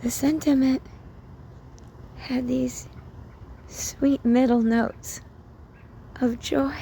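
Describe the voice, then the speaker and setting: A woman whose mellow voice sits high speaks in a steady tone, drawing out her words with vocal fry; there's a little hiss or hum. She's a spiritual content creator recorded outdoors, talking personally and emotionally to camera and often whispering.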